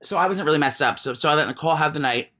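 A man's voice: on the high side, rapid-fire, bright, forceful tone. A man co-hosting a podcast, telling a story in casual chat, rambling with many restarts and giggles. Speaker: podcast co-host.

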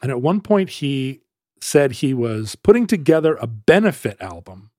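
A man's voice: mid-range voice, normal speed, dry recording, studio quality. A man hosting a casual talk show, telling a long story and acting out the voices of the people in it. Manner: animated storyteller who acts out quoted voices. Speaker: podcast host.

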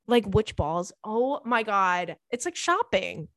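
A woman in her thirties hosting a podcast, chatting casually and reading a listener letter aloud in a lively, excitable way with casual swearing. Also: mid-range voice, slow, no room sound, clean studio sound. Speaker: podcast host.

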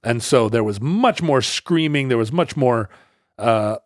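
Casting: middle-aged man, lively storyteller, dry close sound, mid pitch. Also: measured pace, no echo. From Seattle area. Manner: animated, acts out loud brash characters in his anecdotes. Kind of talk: casual storytelling chat.

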